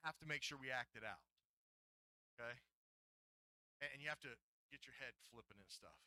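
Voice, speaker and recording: A man's voice: medium pitch, brisk, bright, forceful tone. A middle-aged man preaching a sermon as a pastor, playful and joking, coaxing the congregation to join in. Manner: playful, jokey, coaxes audience to join in. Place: church hall.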